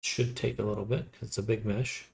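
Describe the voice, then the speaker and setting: A man casually thinking aloud with pauses while he works live on a 3D model. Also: fairly low pitch, fairly even intonation, vocal fry. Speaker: 3D modeling streamer. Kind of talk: casual live-stream commentary while working.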